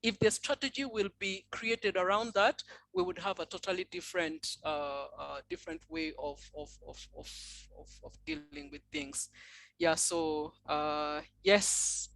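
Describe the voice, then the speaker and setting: A woman's voice: on the low side, vocal fry, a bit bright, poor audio. A woman from Nigeria answering on a conference panel, thoughtful and full of fillers and restarts.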